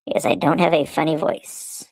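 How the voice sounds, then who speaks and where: A streamer doing a put-on voice of a deadpan man who insists his odd voice is normal. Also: on the high side, moderate pace, vocal fry, pitched above the performer's own voice, rough recording. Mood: insistent deadpan.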